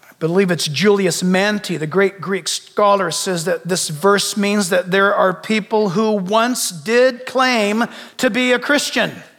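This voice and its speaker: High-voiced preacher in a reverberant hall. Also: male voice, unhurried, a bit bright. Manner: emphatic, repeats phrases, rhetorical questions. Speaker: pastor. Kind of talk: sermon.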